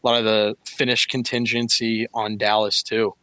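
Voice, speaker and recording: Bright-voiced man in casual hockey chat. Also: on the low side, moderate pace, no room sound. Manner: analytical, steady, with frequent fillers. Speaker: podcast co-host.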